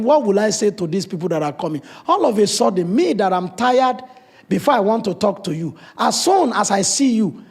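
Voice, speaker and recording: A man's voice: high voice, a little mellow, husky. A man from Africa preaching a sermon as pastor, in a conversational way with blunt humor.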